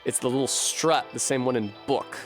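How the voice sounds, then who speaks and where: A man streaming a game from home, working through a puzzle out loud at a desk microphone with frequent swearing and frustration. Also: mid-range voice, moderate pace, faint music behind. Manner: profane, puzzling aloud, frustrated. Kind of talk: live-streamed gameplay commentary.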